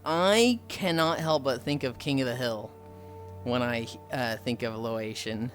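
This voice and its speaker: A woman streamer chatting casually with friends and her chat, telling stories with lively quoted voices. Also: a bass voice, a little slow, faint music behind. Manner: animated storytelling, acts out quoted people.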